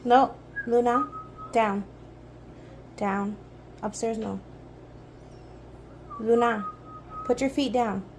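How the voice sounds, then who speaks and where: A woman's voice: on the high side, fairly even intonation, very slow, pauses often, slight background noise. A woman playfully narrating while filming her toddler outdoors, laughing and amused.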